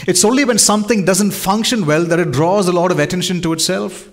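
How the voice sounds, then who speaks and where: A man preaches to his congregation, earnest and direct. He keeps posing rhetorical questions to his listeners. His voice sits a bit higher than most men's. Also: brisk. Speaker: pastor. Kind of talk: sermon.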